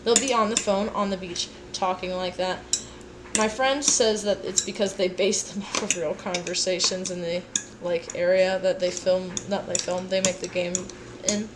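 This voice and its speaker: A tired young woman cooks in her home kitchen while livestreaming, chatting to her viewers in a rambling, playful way with sing-song asides. Her voice sits lowish, with a steady tone and a moderate pace. Background noise is present, with clear kitchen clatter behind her.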